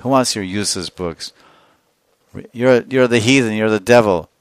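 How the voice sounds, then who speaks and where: A man voicing a hostile male heckler who shouts insults. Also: on the low side, normal speed, clear, resonant tone, no room sound, lightly acted. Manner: angry, shouted.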